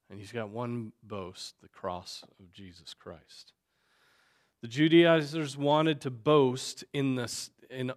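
Guy pastor doing sunday school, slow, lots of um and right?, medium voice. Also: medium pitch. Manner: conversational, many fillers and tag questions. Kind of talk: unscripted Bible class teaching.

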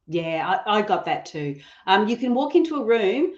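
A woman hosting a casual interview show, talking quickly and laughing easily. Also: mid-range voice, big pitch swings, echoey room, lo-fi sound. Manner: talks fast, laughs easily. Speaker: podcast host.

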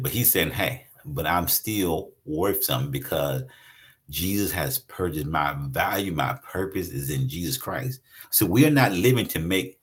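Male pastor, deep voice with animated pitch; conversational sermon delivery. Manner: conversational preaching with lively swings in pitch; reads scripture aloud, then explains it.

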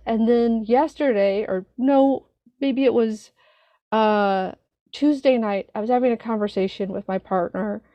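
Woman speaking candidly to a support group, earnest and halting, muffled lo-fi recording. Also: on the high side, warm tone, no echo. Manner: earnest, halting, searching for words. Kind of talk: personal sharing at a meeting.

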